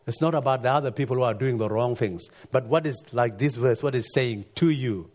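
Guy preaching, kinda husky, earnest, voice jumps up then drops way down. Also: a little fast, a little mellow. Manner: earnest, rising to emphatic peaks then dropping low. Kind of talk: sermon.

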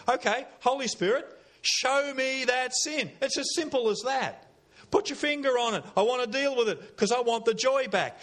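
A man's voice: high-pitched, a bit bright. An Australian man preaching a sermon in a church, folksy and conversational, with repeated phrases and questions to the congregation.

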